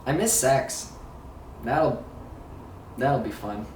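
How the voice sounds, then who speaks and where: Speaking very slowly yet animatedly, a man with a mid-range, slightly mellow voice vlogs casually about recovering from surgery. His talk is rambling, profane, and self-mocking, full of laughter, captured from a distance in a roomy space with faint ambience and a bit of hiss or hum.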